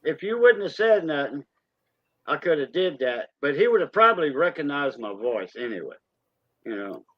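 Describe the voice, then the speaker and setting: A man's voice: fairly high pitch, sing-song, normal speed, no echo, dull audio. A man with a Cajun Louisiana accent hosting a casual livestream chat, greeting viewers by name and laughing easily. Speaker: livestream host.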